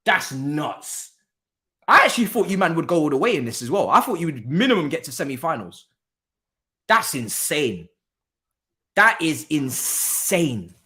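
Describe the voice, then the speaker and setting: A man's voice: a little high, very animated, fairly quick, pushed and bright. A man hosting a live football watchalong stream, teasing, swearing and laughing at a rival club's defeat. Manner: swears freely in slangy chat. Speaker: streamer host.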